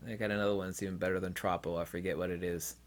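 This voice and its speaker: This channel host talks very fast in a low, level voice. His monologue to viewers wanders and is packed with opinions, filler words, and side remarks.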